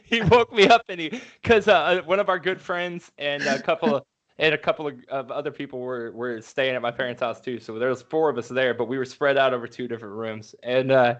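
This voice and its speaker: A man's voice: medium pitch, fairly quick, a bit bright. A man co-hosting a podcast in casual chat, telling rambling stories and laughing often. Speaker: podcast co-host. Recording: dull lo-fi sound.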